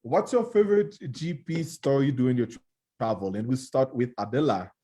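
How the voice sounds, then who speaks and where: A man's voice: medium pitch, moderate pace, mellow, husky. A man hosting a casual live-stream show over a video call, playful and teasing as he brings in his guests. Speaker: show host.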